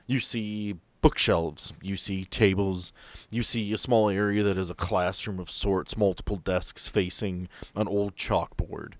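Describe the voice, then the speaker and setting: A man narrating as game master for a tabletop game, setting scenes in an unhurried, descriptive way. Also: low voice, fairly even intonation, dry recording.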